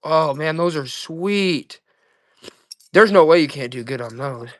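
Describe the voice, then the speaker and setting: A man's voice: a little high, a little slow. Hyped-up male live-auction seller. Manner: excited hype salesman talk. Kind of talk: live selling stream.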